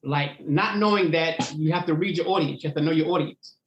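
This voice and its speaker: Animated storytelling comedian, high voice. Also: male voice, fairly quick, reverberant, lo-fi sound, slight background noise. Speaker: comedian guest. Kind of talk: storytelling interview.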